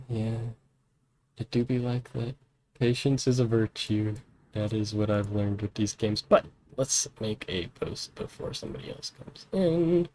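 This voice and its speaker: A man's voice: mid-range voice, animated, a little slow, mellow, slight background noise, rough recording. A man role-playing a national leader on a live stream, greeting his counterpart as "my friend" before muttering while he plays. Faint keyboard typing runs behind him. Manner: shifts into a mock diplomat voice, repeats "my friend". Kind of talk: live-streamed political role-play game.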